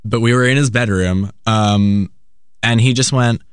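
Man from New York City, halting casual storyteller, dry close sound. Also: mid-range voice, smooth, no echo. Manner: halting storyteller, many ums and restarts. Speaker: podcast co-host.

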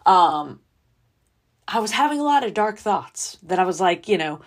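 A woman's voice: medium pitch, sing-song, moderate pace. A woman, hosting a podcast and speaking candidly and emotionally about personal struggles, close to tears at times. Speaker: podcast host. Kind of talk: personal confessional podcast talk.

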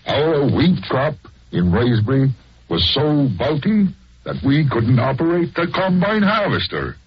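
A man's voice: mid-range voice, sing-song, a little slow, breathy edge. A man playing a chatty rural English farmer with a folksy Buckinghamshire accent, in 1940s radio acting on a dull lo-fi recording. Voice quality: folksy, rustic.

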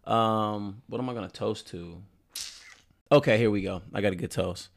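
A man's voice: fairly low pitch, moderate pace, vocal fry. A young man co-hosting a podcast, chatting in a laid-back, rambling way and laughing often. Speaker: podcast co-host. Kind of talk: casual chat.

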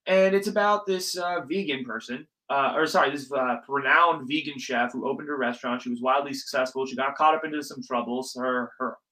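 A man's voice: mid-range voice, fairly quick, hardly any pauses, pushed and bright, low-quality recording. A young man hosting his podcast aftershow in a casual, rambling, profane rant, sniffly from allergies. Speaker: podcast host.

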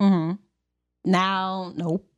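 A woman's voice: on the low side, flat delivery, drawn-out words. A young woman in casual chat, talking loosely in slang and laughing often.

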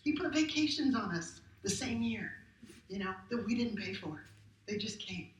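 A woman's voice: mid-range voice, animated, moderate pace, slight background noise. A middle-aged woman pastor giving a conversational, emphatic sermon full of rhetorical questions. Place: church sanctuary. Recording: roomy hall captured from a distance.

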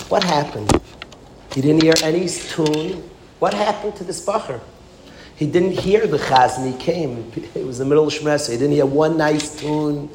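A man preaching a storytelling sermon, driving home points with repetition and sudden rises in force. The recording is roomy and echoing, with a steady hiss of noise underneath. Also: fairly high pitch, normal speed. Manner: emphatic, repetitive, swings from hushed to loud. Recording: echoey room with background noise.

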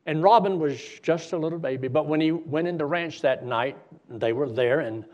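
A man preaching a sermon as a lively story, acting out the voices of the people in it. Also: on the high side, moderate pace, muffled recording. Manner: animated storyteller acting out dialogue.

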